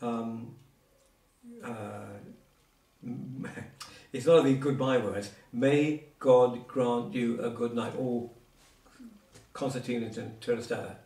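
A man with a slightly mellow mid-range voice teaches Cornish words in an informal private lesson. He explains patiently, adding asides and examples, and the recording is roomy and distant.

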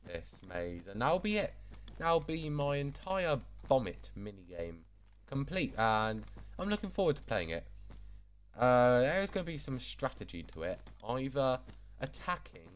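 A man casually commenting while building in a video game, chatty, rambling and self-deprecating. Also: mid-range voice. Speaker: gaming channel host.

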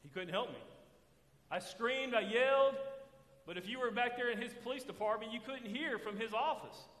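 High-voiced preacher in an echoey church. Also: male voice, brisk, bright, forceful tone. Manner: call-and-response preaching, has the congregation finish his sentences. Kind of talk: sermon. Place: church sanctuary. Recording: echoey hall with long reverb.

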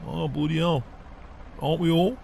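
A man's voice: on the high side, steady tone, normal speed, gravelly, mellow, a little hiss or hum. A man playing a blunt, cheerful farm boss, constantly swearing and teasing in game roleplay banter.

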